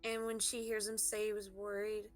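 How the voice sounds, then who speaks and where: A woman's voice: mid-range voice, monotone, moderate pace, soft background music. A woman player casually narrating her character's actions in a tabletop game.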